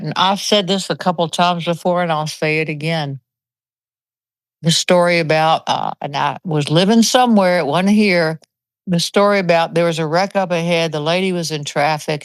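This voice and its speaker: Smooth and low-pitched, this seventies-aged woman's voice carries no echo. She's a chatty host in casual conversation, spinning stories and performing the quotes of the people in them.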